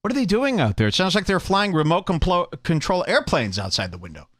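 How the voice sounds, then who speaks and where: Bright, lively sarcastic male podcast host. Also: sits high. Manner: sarcastic, drawn-out emphasis. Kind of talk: mocking commentary over clips.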